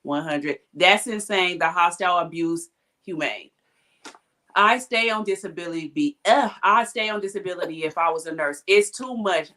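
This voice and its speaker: A woman in casual chat tells a story from her hospital job. She is blunt and animated, swears freely, and jumps up in pitch when she quotes people. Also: normal speed. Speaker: hospital technician.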